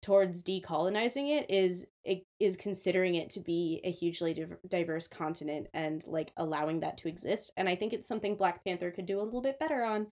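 A woman's voice: on the low side, brisk, few pauses, a little mellow. A woman co-hosting a podcast, speaking thoughtfully and a bit hesitantly, often restarting her sentences. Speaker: podcast co-host. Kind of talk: casual discussion.

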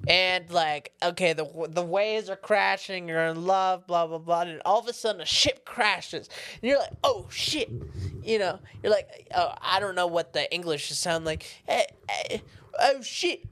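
A woman's voice: on the low side, moderate pace, hardly any pauses, fairly bright tone, clear, resonant tone. A woman hosting a podcast, chatting casually and telling rambling, crude stories with little put-on voices. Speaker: podcast host. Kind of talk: casual chat. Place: podcast studio.

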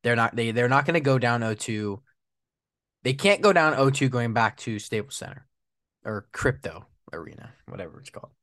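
A man's voice: mid-range voice, normal speed, dry recording, studio quality. Frustrated man ranting on a sports podcast. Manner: frustrated, repetitive, animated complaining. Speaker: podcast host. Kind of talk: solo sports podcast rant.

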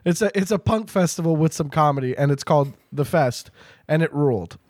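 High-voiced, animated male podcast host. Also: a little fast, dry recording, clean studio sound. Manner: animated, rambling, jokey. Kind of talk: casual chat.

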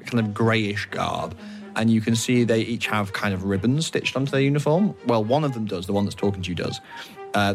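A man narrating as game master of a tabletop game, describing scenes in a relaxed, hesitant way. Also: mid-range voice.

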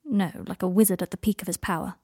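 A woman's voice: medium pitch, steady tone, fast talker, mellow, husky. A woman reading the lines of a haughty, prickly young wizard man, clipped and stiffly formal.

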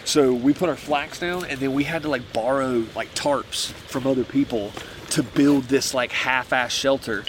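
A young man telling a long army story at a night campfire, easygoing and full of swearing, with "like" scattered through every sentence. His voice sits at an ordinary middle pitch. A steady wash of outdoor noise runs behind him. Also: normal speed. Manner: laid-back, swears a lot, says "like" and "bro" often. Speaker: former Marine telling a story. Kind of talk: casual storytelling around a campfire.

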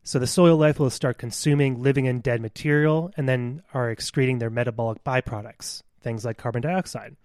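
A man's voice: mid-range voice, steady tone, a little fast, hardly any pauses, darkish tone, no room sound, clean studio sound. A man co-hosting a podcast, explaining science in an earnest, lecturing way. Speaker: podcast co-host.

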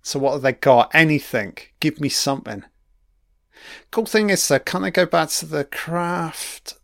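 A man's voice: fairly high pitch, lively intonation, unhurried, gravelly, no echo, studio quality. A man giving a crude, mocking running commentary on a film, swearing heavily as he reacts.

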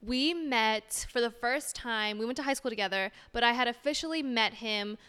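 Young woman podcast cohost, bright crisp voice, bit of long reverb, acts out her quotes. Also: a little high, moderate pace. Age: young adult. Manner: animated storyteller, acts out her own quotes. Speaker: podcast co-host. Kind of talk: casual chat.

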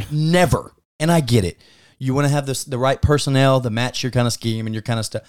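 A man's voice: mid-range voice, moderate pace, darkish tone. A man co-hosting a casual sports podcast, giving emphatic, profane opinions on football. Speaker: podcast co-host.

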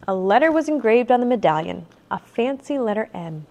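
A woman at home reading a children's chapter book aloud, animated and raising her voice for the children's lines. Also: on the high side, brisk, gravelly, highs cut off.

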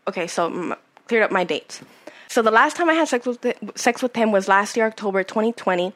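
A woman's voice: mid-range voice, fairly quick. Candid, cursing young woman storyteller. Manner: candid, rambling, swears freely. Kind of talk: casual chat.

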